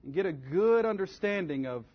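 Guy with a fairly high voice teaching a church class, earnest and practical, kind of dull lo-fi sound. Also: lively intonation, normal speed. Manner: earnest, conversational, gives step-by-step advice. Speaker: Bible teacher. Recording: dull lo-fi recording.

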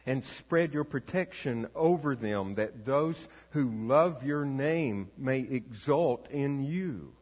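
A man, a pastor, reading scripture aloud and leading prayer in a slow, measured, solemn way. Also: mid-range voice, lively intonation. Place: church sanctuary. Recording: long reverb, dull lo-fi sound.

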